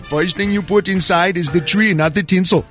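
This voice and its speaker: A man's voice: high voice, moderate pace, fairly bright tone, soft background music. A radio host voicing a laid-back male reggae selector with a fake Jamaican accent, in a sing-song patter. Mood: mock-wise.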